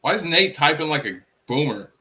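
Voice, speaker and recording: Playful man chatting live, lively pitch. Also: brisk. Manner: playful and joking, laughs often. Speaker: livestreamer chatting with viewers. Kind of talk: casual live chat.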